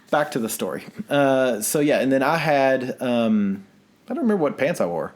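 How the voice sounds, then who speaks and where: A man's voice: mid-range voice, sing-song, unhurried. Male podcast co-host, casual home recording, chatty and self-deprecating, laughs a lot. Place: living room at home.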